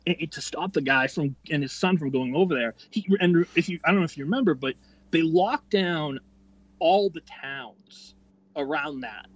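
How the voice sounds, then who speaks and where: A young man in his late twenties rambles through an anecdote, swearing freely and restarting his sentences as he builds the tale. His voice sits a bit higher than most men's. The recording is dry and slightly dull, with a lo-fi podcast sound. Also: dry recording. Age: 20s. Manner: profane, rambling, quick-tempered delivery. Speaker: podcast guest. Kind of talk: casual storytelling.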